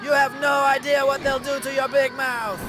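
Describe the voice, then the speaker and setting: A man reacting to short videos, talking to his viewers in an excitable, shouty way full of exclamations. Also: very high-pitched, moderate pace, music in the background.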